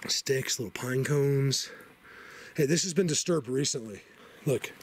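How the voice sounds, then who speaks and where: A man filming a vlog in a forest, talking excitedly, stammering, and sometimes dropping to a whisper. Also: mid-range voice, a little slow, slight background noise. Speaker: Bigfoot hunter vlogger. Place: forest outdoors.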